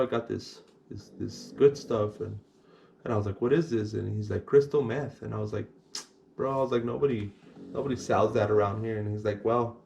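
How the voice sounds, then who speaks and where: A man's voice: lowish voice, creaky, a little mellow, dull audio, a little hiss or hum. A man casually telling a personal story to the camera, rambling and repeating words, sometimes acting out other people in a whisper.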